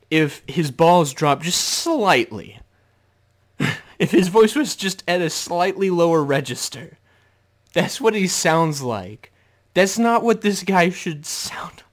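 A podcast host with a slightly high voice talks through a movie review on his own in a casual way. He's animated and laughs a lot, frequently putting on mock voices.

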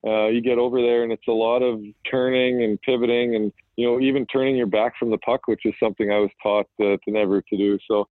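A man's voice: mid-range voice, fast, hardly any pauses, no echo. A man in his thirties, a hockey player guest, talking casually with lots of fillers and restarts. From Manitoba, Canada. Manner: relaxed, rambling, frequent fillers and restarts. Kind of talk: casual phone interview. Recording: dry, tinny phone line.

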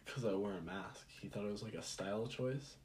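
A man's voice: fairly low pitch, fairly quick, a little mellow, slight background noise. A young man co-hosting a casual podcast, rambling with lots of fillers and restarts. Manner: rambling, hesitant, full of fillers. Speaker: podcast co-host. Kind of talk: casual chat.

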